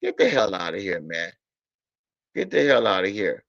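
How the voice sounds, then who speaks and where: A man's voice: sits low, sing-song, moderate pace, gravelly, fairly bright tone, no room sound. A man ranting about football in a casual stream, blunt and profane, repeating himself in exasperation. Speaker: sports talk streamer. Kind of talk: casual sports rant. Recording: dull lo-fi audio.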